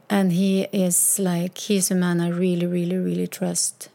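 Middle-aged woman, mellow low-key tone, casual rambling personal storytelling. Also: little pitch movement, measured pace, gravelly, hardly any pauses. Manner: rambling, candid, with frequent restarts and quoted dialogue. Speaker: mother sharing personal story.

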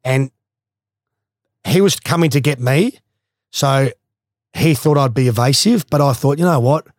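A man's voice: medium pitch, measured pace. Aussie guy, guest yarning away, swears a lot, dry close sound, no room echo. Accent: Australian. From Australia. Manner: swears freely, rambling anecdotes. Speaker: guest, former athlete. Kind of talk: casual storytelling.

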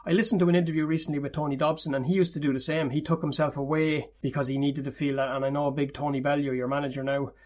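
Interviewer guy, talks fast, rambly questions. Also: on the high side, flat delivery, a little mellow. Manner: chatty, long winding questions with restarts.

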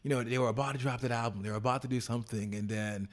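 A man's voice: medium pitch, racing. A man co-hosting a podcast in a casual, rambling chat, often restarting his sentences. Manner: animated, rambling, many restarts. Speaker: podcast co-host.

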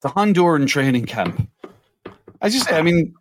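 A man's voice: fairly high pitch, very animated, moderate pace, slight background noise. A man co-hosting a podcast in casual chat, recounting match events at length. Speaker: podcast co-host.

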